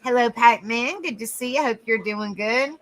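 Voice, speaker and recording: A woman with a Southern US accent hosts a casual live stream, giggling and chatting as she greets viewers by name. Her voice is on the high side and a bit bright, at a moderate pace, in a low-quality recording.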